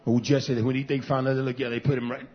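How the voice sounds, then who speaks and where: A man preaching a sermon as pastor, impassioned and swinging between loud and hushed passages. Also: mid-range voice, flat delivery, fast, husky. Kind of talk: sermon to a live stream. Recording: dull lo-fi recording.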